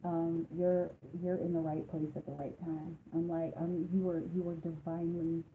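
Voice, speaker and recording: A woman's voice: fairly low pitch, flat delivery, normal speed. A woman giving live-streamed tarot readings in a chatty, emphatic way with lots of fillers. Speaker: tarot card reader. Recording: tinny phone-like sound with faint noise.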